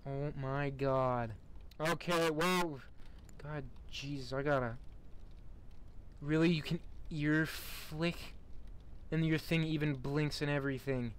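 A man's voice: a little high, steady tone, slow, slight background noise. A young man giving casual, sarcastic commentary while playing a game, mocking what he sees and laughing in bursts. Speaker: gamer.

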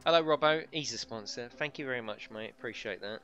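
A man's voice: on the low side, fast, bright, forceful tone, dull audio, soft background music. A man chatting casually as he streams a video game, swearing freely and laughing often. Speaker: gaming livestreamer. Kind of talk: casual live gameplay commentary.

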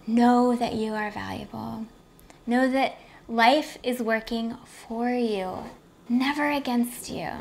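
A woman's voice: fairly high pitch, fairly bright tone, a little hiss or hum. A woman hosting a self-help video series, giving an upbeat motivational talk to the camera and often checking in with "right?".

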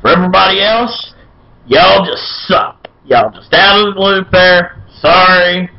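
Brief: high-voiced male beer vlogger, brash and folksy, dull lo-fi recording. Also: unhurried, gravelly. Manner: loud, folksy and irreverent, with playful chants. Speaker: beer review show host. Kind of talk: casual beer review vlog.

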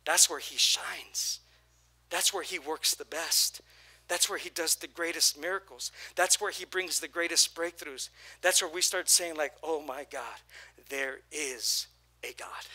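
Bright, energetic male pastor preaching. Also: a little high, a little slow, husky. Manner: energetic preaching with repeated phrases and call-and-response. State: voice prone to hoarseness. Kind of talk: sermon.

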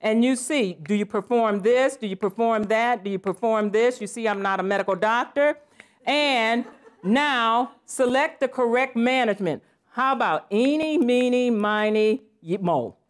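A woman in her sixties delivers a conference talk with playful, exclamatory energy. Her fairly high voice swings through teasing asides and bursts of wonder. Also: moderate pace. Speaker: conference presenter. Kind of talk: live conference presentation. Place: conference session room.

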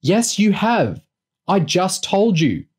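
A man voicing an exasperated woman intelligence officer who shouts her warnings insistently, in an audiobook reading. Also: mid-range voice, animated, normal speed, voice pushed up, natural voice. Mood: exasperated shouting.

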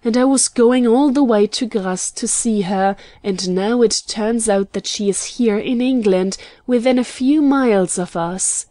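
A woman reading the part of an excitable, earnest young gentleman in a storybook, with slow, mellow delivery. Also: fairly high pitch, dry recording, studio quality, lightly acted. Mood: excited. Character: eager young gentleman traveler.

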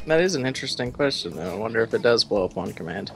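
A man's voice: medium pitch, animated, rapid-fire, gravelly, faint music behind. A man chatting casually while playing a video game with friends, laughing often. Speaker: gamer. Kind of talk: casual let's-play chat.

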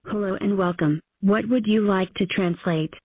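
A female text-to-speech voice speaking for a cartoon cat in a coding program, with an even, clipped computer delivery. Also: mid-range voice, normal speed, no room sound, lo-fi sound, natural voice.

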